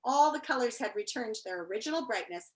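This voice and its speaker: A woman teacher reading a children's book aloud to her class on a video call, in an expressive, animated way. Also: on the high side, fast talker. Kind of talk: storybook read-aloud.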